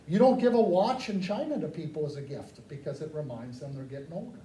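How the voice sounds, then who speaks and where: A man from the United States giving a lively, joking talk to a live audience, often asking them questions. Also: a little high, quick pace. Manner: animated, joking, asks the crowd questions. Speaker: speaker addressing a live audience. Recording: echoey room, mic far off, faint noise.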